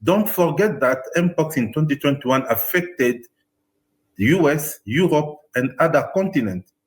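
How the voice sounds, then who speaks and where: A man's voice: on the high side, lively intonation, measured pace, slight background noise. A man speaking as a public health official, earnest and warning.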